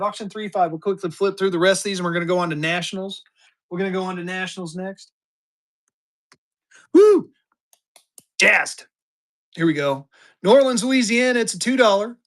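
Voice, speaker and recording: A man in his fifties running a live-stream auction, talking fast and joking through his patter. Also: sits high. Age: 50s. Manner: energetic, joking, drawling "y'all" asides.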